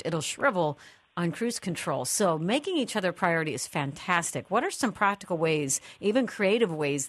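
A woman's voice: on the low side, no room sound. A woman hosting a radio talk show, encouraging her guests. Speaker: host.

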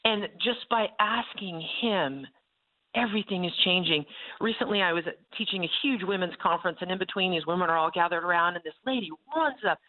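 A woman's voice: lowish voice, animated, fairly quick. A woman author sharing a faith testimony as an interview guest, telling her story expressively with frequent laughter. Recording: phone-like line.

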